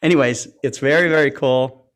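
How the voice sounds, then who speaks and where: A man's voice: medium pitch, brisk. A man co-hosting an astronomy livestream, chatting casually and poking fun at himself, laughing often between rambling remarks full of fillers. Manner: joking, self-deprecating, laughs often; loose and rambling with many fillers. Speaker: co-host of an astronomy community livestream. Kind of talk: casual chat.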